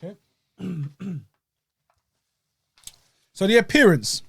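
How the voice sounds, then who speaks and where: Eating a dessert as he reviews it, a young podcast host keeps the chat laid-back, slangy and casual. His high voice is expressive, creaky, husky and fairly bright, he draws out his words, and there's no room sound.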